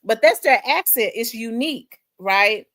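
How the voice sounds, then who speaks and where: A woman with a Memphis Southern accent, hosting a livestream in casual chat, rambling and repeating herself and quick to laugh while she reads viewer comments. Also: fairly high pitch, lively intonation, fairly bright tone, no echo, studio quality. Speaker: livestream host.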